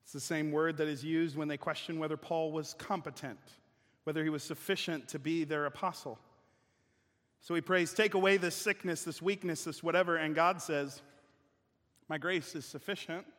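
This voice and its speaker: A man's voice: fairly high pitch, fairly bright tone. A man preaching a sermon as pastor, conversational and emphatic, often restarting his sentences. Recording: long reverb of a large hall.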